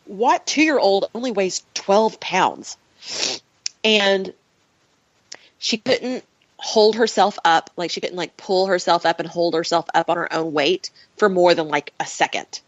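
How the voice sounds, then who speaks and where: As a podcast guest, a lower-voiced woman tells a personal story at a slow pace, laughing frequently and sounding animated and emotional. The close, dry recording has a slightly muffled, dull tone.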